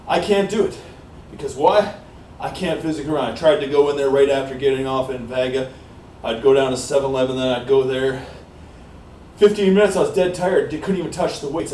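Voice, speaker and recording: A man's voice: medium pitch, darkish tone, far from the mic. A man from Canada talks in a loose, rambling monologue, leaning on "like I said" and "uh" as he goes. He's winded from exercise. The sound is roomy and off-mic, with a faint hiss underneath. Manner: rambling, repeats "like I said", pauses with fillers. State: out of breath from exercising. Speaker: vlogger. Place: small warm room indoors.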